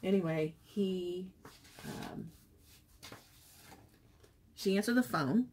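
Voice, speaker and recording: A woman's voice: on the low side, drawn-out words, a little hiss or hum. A middle-aged woman chatting in a personal vlog, telling a family story in an open, emotional way and acting out the dialogue. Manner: chatty and emotional, retelling dialogue with animated voices. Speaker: vlogger.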